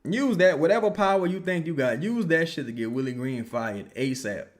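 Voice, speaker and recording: A young man giving casual, profane live reaction commentary on a basketball game, answering viewer questions and yelling at plays. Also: fairly high pitch, normal speed. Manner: profane, animated, yells at plays. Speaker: live game watch-along streamer.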